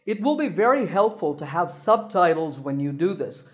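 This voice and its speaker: Guy teaching english pronunciation, bit higher voice, careful and clear, drags out the example words. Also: very animated. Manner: clear, deliberate, stretches example words slowly. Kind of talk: scripted lesson narration.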